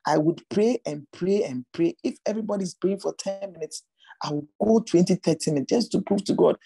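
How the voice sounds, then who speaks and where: Woman, testimony sermon, husky breathy voice, mellow dark tone, earnest, repeats rhetorical questions. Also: low voice, normal speed, no room sound, poor audio. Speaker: women's ministry speaker.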